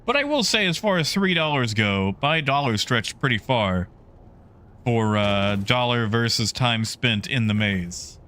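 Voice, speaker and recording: A man's voice: mid-range voice, expressive, unhurried, pushed and bright. A man streaming a game, chatting casually and greeting viewers in the chat by name.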